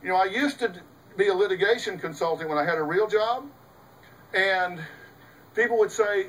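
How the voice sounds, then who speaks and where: A man's voice: high voice, normal speed, fairly bright tone, recorded from a distance, a little hiss or hum, low-quality recording. A middle-aged man, a host and psychologist, giving an emphatic, folksy talk to an audience, full of rhetorical questions. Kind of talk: lecture to a live audience.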